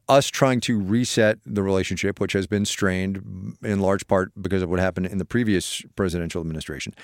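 Male radio host, low voice, chatty and loose with fillers, dry studio mic. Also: no echo. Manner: chatty, many fillers and restarts. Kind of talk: casual news chat.

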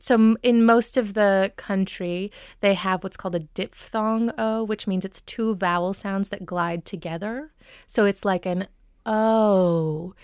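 Woman, dialect coach; clear, smooth voice, dry close sound; patient explainer who demonstrates vowels. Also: mid-range voice, no echo. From Minnesota. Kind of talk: explanatory interview answers.

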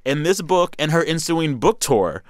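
Animated male podcast host. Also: fairly high pitch, normal speed, no echo, clean studio sound. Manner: animated, playful, reads quotes aloud. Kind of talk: casual news chat.

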